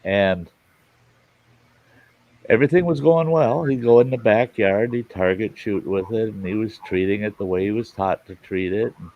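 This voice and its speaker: A man's voice: lowish voice, fairly even intonation, moderate pace, no room sound, muffled recording. A middle-aged man hosting a live stream, telling stories in a blunt, folksy way and swearing freely. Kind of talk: casual storytelling chat. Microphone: live stream mic.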